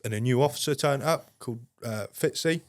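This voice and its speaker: A man's voice: mid-range voice, a little fast, no echo. A man, a podcast guest, telling a story in a casual, blunt way and swearing constantly.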